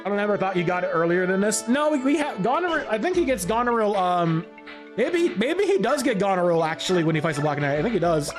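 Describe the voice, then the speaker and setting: High voiced guy streaming a game, super animated, jokey and rambling, faint music behind. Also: fast. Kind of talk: live gaming commentary.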